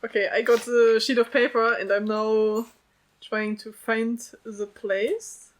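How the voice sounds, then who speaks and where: A woman's voice: fairly high pitch, flat delivery. Chatty woman podcast co-host. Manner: laughs often, quick chatty asides. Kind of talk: casual chat and group reading.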